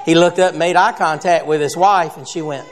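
A man's voice: a little high, steady tone, normal speed, long reverb tail, faint music behind. A man preaching a sermon as pastor, telling folksy stories and jokes between Scripture points. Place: church sanctuary.

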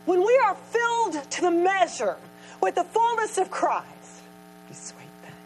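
A woman telling a personal story in a sermon, animated and laughing, then dropping to a soft, nearly whispered voice in tender moments. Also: sits high, slight background noise, low-quality recording. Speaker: Christian speaker telling a story.

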